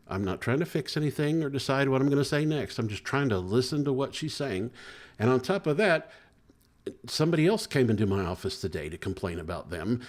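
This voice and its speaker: A middle-aged man, a therapist, giving relationship advice to the camera and acting out everyday conversations. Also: fairly low pitch. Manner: animated, acts out quoted dialogue.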